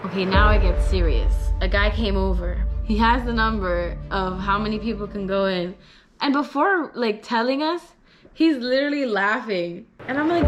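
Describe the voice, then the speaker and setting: A young woman vlogger telling a story, animated and expressive, swearing casually. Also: mid-range voice, normal speed, music in the background. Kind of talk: story time vlog.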